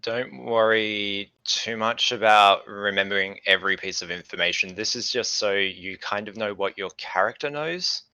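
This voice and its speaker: A man with a low but bright, forceful voice runs a tabletop game as the game master. He explains at an easy pace, with plenty of ums. The close, dry mic sounds a little dull and lo-fi. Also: moderate pace, few pauses, clean tone, no echo. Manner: relaxed, explaining with fillers.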